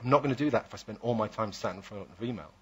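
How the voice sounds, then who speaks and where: A man's voice: on the low side, racing, fairly bright tone, slightly rough. A man giving a persuasive public talk, often asking the audience rhetorical questions. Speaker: speaker.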